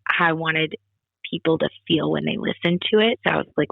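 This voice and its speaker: A woman from Wisconsin, a singer-songwriter guest, telling stories in an animated, chatty way with many fillers. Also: low-pitched, fairly quick, creaky, no echo. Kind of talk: casual interview chat. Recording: tinny phone-like dry call audio.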